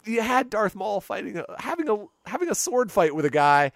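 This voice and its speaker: A man's voice: sits high, very animated, fairly quick, creaky, dry recording. A man co-hosting a casual movie review chat, wry and rambling, often restarting his sentences. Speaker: podcast co-host reviewing a movie.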